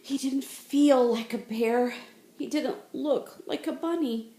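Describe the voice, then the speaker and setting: A woman teacher reading a picture book aloud in a slow, expressive storytelling voice. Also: sits high. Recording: roomy echo.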